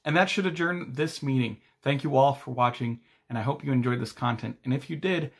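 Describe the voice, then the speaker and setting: A man narrates short board game reviews from a script, his voice sitting at an ordinary middle pitch. He reads in a steady, matter-of-fact way, like a channel host giving ratings. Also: brisk, husky.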